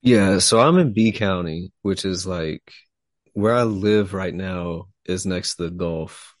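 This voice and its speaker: A man's voice: deep voice, slow pace, no room sound, studio quality. A man from Texas, a writer talking loosely and profanely as a guest in a casual interview. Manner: loose and profane, laughing easily.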